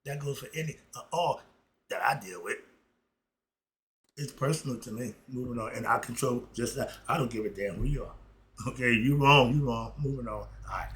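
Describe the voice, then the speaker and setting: A man giving an unscripted opinion monologue to his viewers, fiery and emphatic, swinging from loud outbursts to muttered asides and chuckling between points. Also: medium pitch, moderate pace. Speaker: commentary vlogger.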